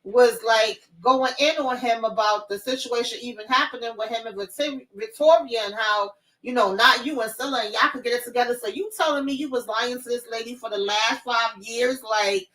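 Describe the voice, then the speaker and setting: Woman host, high bright voice, a bit off mic, animated recap chat. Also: fairly quick, few pauses, far from the mic, poor audio. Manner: animated retelling with profanity. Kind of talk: casual reaction chat.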